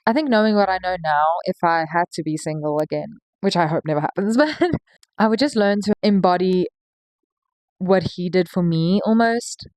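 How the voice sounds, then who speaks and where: A woman's voice: fairly low pitch, normal speed, darkish tone. A young woman hosting a podcast, talking in an earnest, chatty way with lots of "like"s and little laughs. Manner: chatty, earnest, laughs between thoughts, many "like"s. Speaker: podcast host. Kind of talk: casual reflective monologue.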